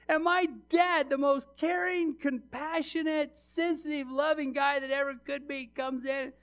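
A middle-aged man with a high voice preaches to his congregation. He tells stories, drops to a hush, then rises loud and emphatic as he speaks straight to his listeners. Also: measured pace. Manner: storytelling, swings from hushed to loud and emphatic; preaches with direct address to the congregation. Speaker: pastor. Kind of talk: sermon.

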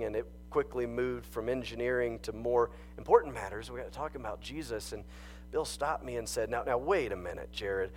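A man's voice: mid-range voice, fairly bright tone, slight background noise. A man preaching a sermon to his congregation. He tells stories in a conversational way and often chuckles between phrases. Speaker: pastor.

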